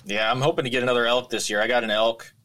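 A man's voice: mid-range voice, fairly even intonation, racing, bright, forceful tone. A man from Washington state talking casually and easygoingly about hunting. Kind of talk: casual chat.

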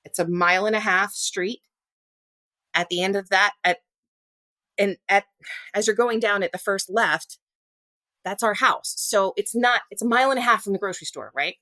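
A woman telling her own story in an interview, earnest and halting, often restarting and acting out what was said. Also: mid-range voice, pushed and bright, no room sound. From Louisiana. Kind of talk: personal storytelling in a podcast interview.

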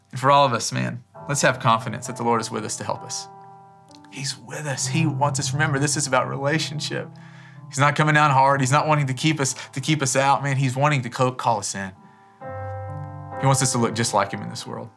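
Earnest man preaching over soft music. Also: mid-range voice, vocal fry. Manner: earnest, conversational, fillers like "man" and "you know". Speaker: pastor. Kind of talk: sermon and closing prayer. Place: church service.

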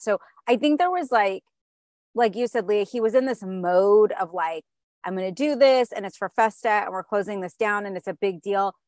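A woman co-hosting a casual podcast chat, animated, often laughing and acting out quoted dialogue. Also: medium pitch, no room sound. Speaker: podcast co-host.

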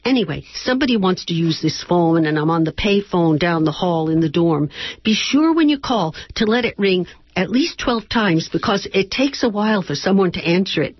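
A woman reading aloud and voicing a college-age daughter who talks quickly and insistently on the phone. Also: on the low side, expressive, husky, dry recording, highs cut off. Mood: eager, impatient.

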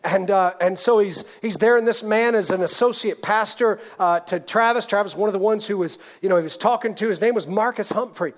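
A man preaching a sermon, telling a testimony story in an earnest way that swings from hushed to loud. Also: high voice, brisk, few pauses.

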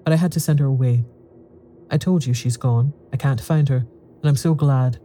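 A man's voice: mid-range voice, normal speed, warm tone, a little hiss or hum, natural voice. A man voicing an eccentric, peevish old woman who lives alone in a cold manor, speaking mournfully. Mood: wistful.

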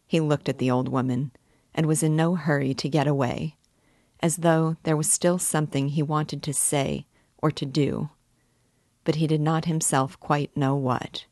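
Woman narrator, audiobook of a classic novel, measured and clear, deep voice, close dry sound. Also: fairly even intonation, a little mellow, no room sound. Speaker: literature teacher and reader.

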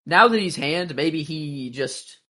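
A man chatting casually about a TV show, halting and searching for words with many "like"s. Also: a little high, animated, pushed and bright. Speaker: podcast co-host. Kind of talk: casual TV recap chat.

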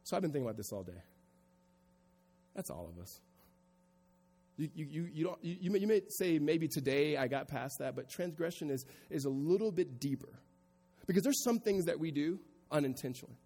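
A man preaching a sermon in a church hall, his slightly high voice trailing a long echo. He drops into quiet, reflective stretches, then climbs into loud, emphatic preaching to the congregation. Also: animated, a little fast, breathy edge. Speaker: pastor.

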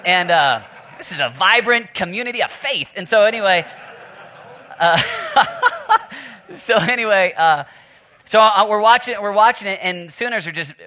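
A man's voice: sits high, very animated, a little slow, pauses often, bright, forceful tone. A man from Oklahoma preaching a sermon at a men's conference, moving from joking stories to earnest prayer and scripture reading. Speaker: pastor.

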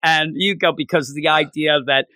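A man's voice: fairly high pitch, fairly even intonation, moderate pace, pushed and bright, no room sound. A man in casual chat, enthusiastically retelling story scenes and slipping into acted quotes. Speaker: co-host discussing a manga.

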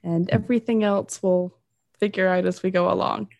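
Woman gamer, gravelly fry in her voice, friendly chat, dry close sound. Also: lowish voice, steady tone, normal speed, a little mellow, no echo, highs cut off. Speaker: player. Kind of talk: casual game chat and in-character talk.

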